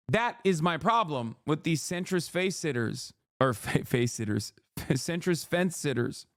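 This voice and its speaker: Man, thirties, livestream reaction, profane heated rant, slightly high voice, dry sound. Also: lively intonation, measured pace, a bit bright, no room sound. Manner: heated, profane ranting with sarcastic mimicry. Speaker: streamer reacting to videos.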